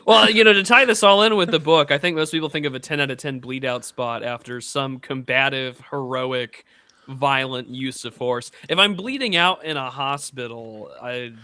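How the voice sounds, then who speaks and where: A man's voice: medium pitch, normal speed, pushed and bright, clear, resonant tone, no room sound. A young man hosting a podcast, chatting casually in a sardonic, joking, rambling way. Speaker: podcast host. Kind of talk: casual chat.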